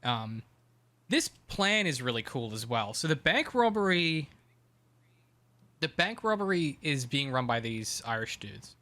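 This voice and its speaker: A man's voice: mid-range voice, pushed and bright. A man co-hosting a podcast in casual chat, chatty and profane with frequent ums. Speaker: podcast co-host.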